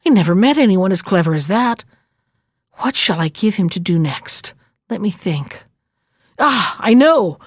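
A woman's voice: mid-range voice, very animated, a little slow, long pauses, breathy edge, dry recording, studio quality. A woman voicing a proud, scheming male sultan in a storybook reading, with a commanding, self-satisfied manner.

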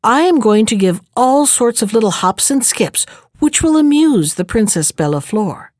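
A woman reading aloud, voicing a wise, kindly talking horse who gives calm, patient advice. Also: fairly high pitch, moderate pace, dry recording, clean studio sound.

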